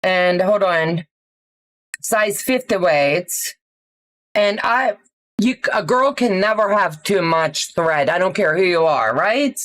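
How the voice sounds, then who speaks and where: Slow-talking chatty woman host. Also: on the low side, animated, fairly bright tone. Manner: chatty, laughing, greets viewers by name. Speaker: livestream host. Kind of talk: casual storytelling livestream.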